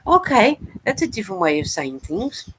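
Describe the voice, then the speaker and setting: A woman's voice: medium pitch, sing-song, moderate pace, slightly rough, low-quality recording. Chatty giggly woman reading live chat. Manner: chatty, giggly, plays with how words are said. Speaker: knitting livestream host.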